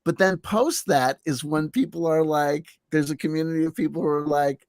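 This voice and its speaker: A man's voice: a little high, normal speed, hardly any pauses, a little mellow, no echo. A man in a casual conversation, making wry, joking asides.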